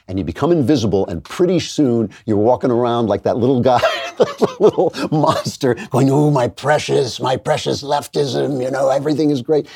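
A man hosting a commentary show, delivering an emphatic monologue with mocking asides. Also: mid-range voice. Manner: emphatic, animated, with mocking put-on voices.

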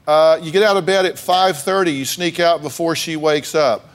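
A man's voice: fairly high pitch, moderate pace. A man hosting a daytime talk show, blunt and teasing as he challenges his guests.

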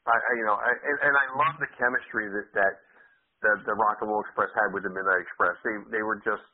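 Husky male caller on a phone line. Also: on the low side, fairly even intonation. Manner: agreeable, stammering restarts, quick laughs. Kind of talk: casual call-in radio chat.

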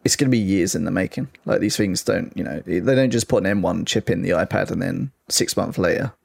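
A man talking tech in a relaxed, hedging way on a casual panel podcast. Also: low-pitched, a little fast, gravelly, breathy edge, no echo, studio quality. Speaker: tech editor, podcast guest.

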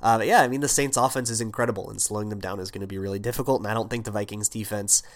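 A man's voice: lowish voice, steady tone, racing. A man with a sick voice hosting his own sports podcast, talking loosely with lots of fillers and restarts. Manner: rambling, many fillers and restarts. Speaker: podcast host. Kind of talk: solo sports podcast talk.

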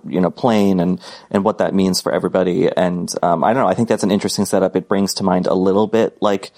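Deep-voiced man, halting podcast chat. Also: creaky, darkish tone. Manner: halting, many fillers and restarts. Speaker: podcast co-host. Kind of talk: casual podcast discussion.

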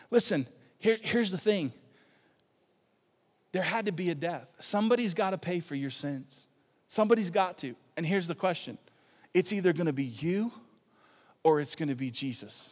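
A male pastor preaching a sermon to his congregation, calling out for responses and building excitement. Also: high voice, moderate pace. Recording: long hall reverb.

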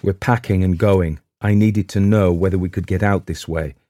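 A curt, harsh-spoken young husband under strain, as a male narrator reads him. The voice stays near the reader's own low register, recorded dry and close. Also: steady tone, moderate pace, mellow, no room sound, natural voice. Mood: tense.

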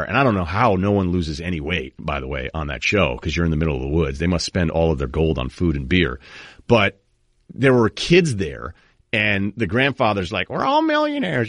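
A low-pitched man hosting a sports talk show, rambling through an animated rant. His voice sits close to the mic in a dry, dead room with no echo at all. He talks casually and keeps drifting off on tangents. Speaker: sports talk podcast host.

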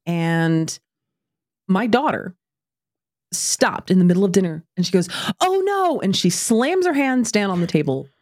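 A woman in her forties co-hosting a podcast, telling a parenting story with animated quoting of her kids. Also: a little slow. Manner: animated storyteller, jumps high for quoted kids. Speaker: podcast co-host. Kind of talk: casual chat, storytelling.

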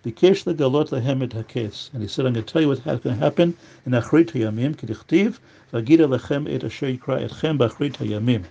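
A man gives a religious law lesson in a warm, relaxed voice, reading a passage of Hebrew and then explaining it in English. The recording sounds muffled and lo-fi. He speaks at a middling pitch. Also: a little fast, vocal fry. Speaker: Torah teacher.

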